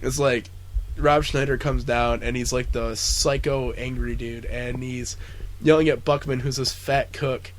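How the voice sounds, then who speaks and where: A man's voice: mid-range voice, steady tone, unhurried, slight background noise. A man co-hosting a podcast, chatting casually in a rambling, profane way with many fillers. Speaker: podcast co-host. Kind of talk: casual chat.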